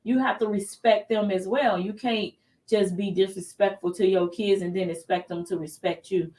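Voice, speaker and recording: A woman's voice: medium pitch, steady tone, normal speed, darkish tone, distant mic. Female talk host, chatty and emphatic, sits a bit back from the mic. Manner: chatty, emphatic, laughs easily. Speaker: show host. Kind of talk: casual talk show chat.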